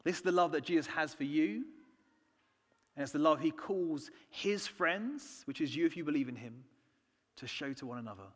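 A man from the United Kingdom preaching a sermon, earnest, moving between soft hushed lines and emphatic ones. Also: fairly high pitch, animated, moderate pace. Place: church. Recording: long church reverb.

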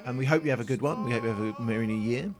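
A man co-hosting a science podcast as the chemist, trading quick jokey banter. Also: medium pitch. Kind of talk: casual science chat.

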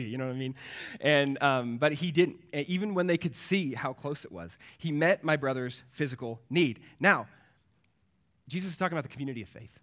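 A man's voice: fairly high pitch, expressive, brisk, fairly bright tone. A man in his thirties, a pastor, preaching a sermon and telling a family story, acting out the voices in it.

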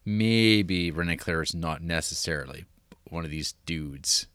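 Low-voiced man rambling about old films. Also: a little slow, fairly bright tone, clear, resonant tone, no room sound. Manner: rambling, many fillers and restarts. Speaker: podcast co-host. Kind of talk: casual film discussion.

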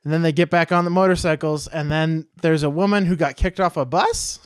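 Man, podcast co-host, fairly high voice, blunt and sarcastic, dry mic. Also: steady tone, a little fast, smooth, dry recording. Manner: blunt, sarcastic, swears freely. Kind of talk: casual chat.

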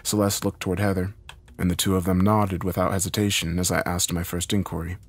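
A man narrating a first-person horror story in a somber, measured storytelling manner. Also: low-pitched, flat delivery, no echo.

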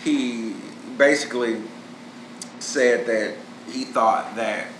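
Male podcast host, slow delivery, bright tone, halting chuckling storyteller, echoey room. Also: medium pitch, a little hiss or hum. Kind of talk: casual chat.

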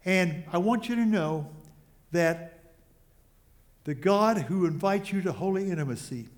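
A man preaching a sermon as a pastor, earnest and pausing often with small restarts. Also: high voice, lively intonation.

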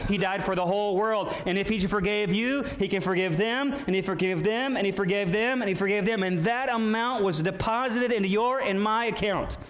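Man, pastor, preaching sermon, slightly high voice, calls to congregation. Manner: preaching with call-and-response asides and shifting emphasis.

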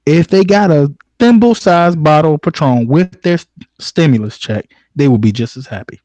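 A man's voice: on the high side, expressive, moderate pace, mellow, no room sound, muffled recording. A man hosting a casual podcast, reading news stories and arguing playfully with mock seriousness. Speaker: podcast host.

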